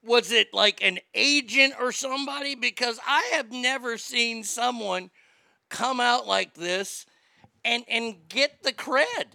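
A man in his late forties hosting a live show, ranting crudely and mockingly, swinging between loud outbursts and mutters. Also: very high-pitched, slow pace, creaky, dry recording. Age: late 40s. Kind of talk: crude comedic rant.

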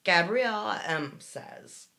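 A woman's voice: medium pitch, expressive, takes it slowly, creaky, pushed and bright. A woman co-hosting a casual podcast, reading listener messages and talking frankly, swearing freely. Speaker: podcast co-host.

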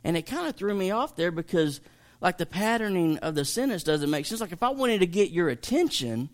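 A man's voice: high-pitched, big pitch swings, fairly quick. A man, a pastor teaching an evening Bible study in a chatty, emphatic way that jokes with listeners.

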